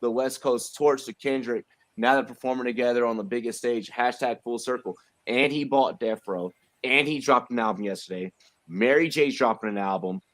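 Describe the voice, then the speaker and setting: A man hosting a casual livestream chat, animated and repeating himself, with many fillers. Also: mid-range voice, normal speed, no echo. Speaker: host.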